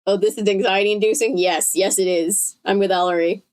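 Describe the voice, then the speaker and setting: Woman, streamer, casual read-aloud, chatty asides, mid pitch. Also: fairly even intonation, darkish tone. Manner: chatty asides, quick laughs, swears. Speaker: streamer reading a book aloud.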